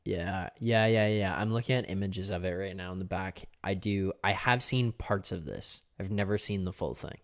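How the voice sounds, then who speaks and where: A man with a slightly low voice hosts a relaxed post-game livestream. He chats loosely and laughs easily, breaking off to read viewer comments aloud. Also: moderate pace, hardly any pauses. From Canada. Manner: laid-back, chatty, laughs often, reads chat comments aloud. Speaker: host. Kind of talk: casual post-game stream chat.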